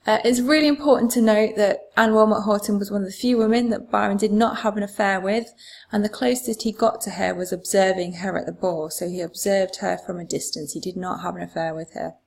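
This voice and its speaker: Woman teaching a poem, slight gravel. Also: medium pitch, fairly even intonation, fairly quick, a little mellow. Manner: clear, patient teaching with frequent "um" and "so". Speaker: English teacher. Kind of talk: explaining a poem for exam revision.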